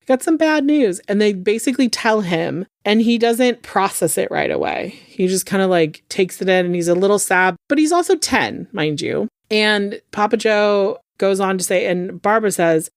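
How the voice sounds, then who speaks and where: A woman's voice: medium pitch, dry recording, clean studio sound. A woman hosting a podcast, casually recapping a true-crime case, chatty and profane, full of filler words. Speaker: podcast host.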